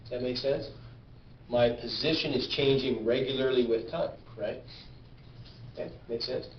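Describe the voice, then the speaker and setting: A man's voice: medium pitch, normal speed, slight background noise. A male physics teacher lecturing a class, often asking questions and checking that students follow. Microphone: camera at a distance. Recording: roomy, distant, dull camera sound.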